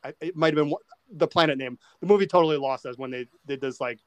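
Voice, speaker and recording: A man's voice: a little high, fast talker, clear, resonant tone, dry recording. A man hosting a casual movie podcast, talking in loose rambling sentences and restarting words as he thinks. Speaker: podcast host.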